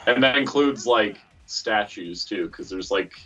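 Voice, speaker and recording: Low-voiced man, distant mic. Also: animated, unhurried, pushed and bright, breathy edge, lo-fi sound. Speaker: co-host on a game stream. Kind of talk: casual chat. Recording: distant mic with music playing.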